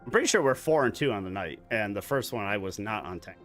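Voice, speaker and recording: A man's voice: lowish voice, expressive, quick pace, a bit bright, faint music behind. A man in his forties chatting casually while gaming online, telling a long, profane story from work in a rambling way. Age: 40s. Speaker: gaming streamer.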